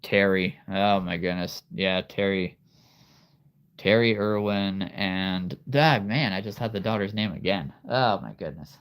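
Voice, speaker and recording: A man in his thirties chatting casually as host of a livestream, rambling and halting and laughing often. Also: low voice, fairly bright tone, clean tone. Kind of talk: casual live-stream chat.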